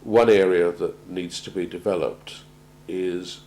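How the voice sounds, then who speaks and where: A man gives a measured talk on crisis planning, often pausing and repeating words as he goes. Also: sits low, steady tone, a little mellow, low-quality recording. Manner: measured, halting, repeats words while finding them. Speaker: presenter on organisational crisis planning. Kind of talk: prepared talk to an audience.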